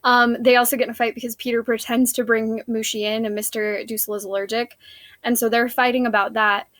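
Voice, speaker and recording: A woman's voice: on the high side, flat delivery, brisk, a bit bright, no echo. A woman teacher, recapping a play scene for her students in a casual, chatty way with many fillers.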